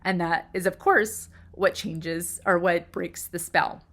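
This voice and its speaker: A woman with a somewhat low voice walks through a story in a loose, chatty way. She gets emotional, and her pitch leaps up when excitement takes over. Now and then she drops into a near-whisper for an aside. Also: slow. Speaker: video host analyzing film characters. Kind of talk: casual analytical monologue.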